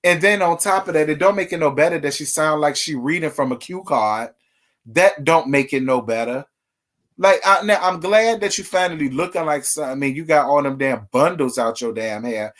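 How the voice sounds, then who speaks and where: Man, livestream gossip host, sassy, chatty, slightly high voice. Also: moderate pace, a bit bright. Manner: sassy, chatty, talks straight to viewers. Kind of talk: casual reality TV gossip livestream.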